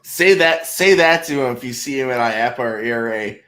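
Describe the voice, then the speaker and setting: A man's voice: mid-range voice, expressive, brisk, pushed and bright. A man interviewing a guest in a casual chat, joking and laughing often. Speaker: podcast interviewer.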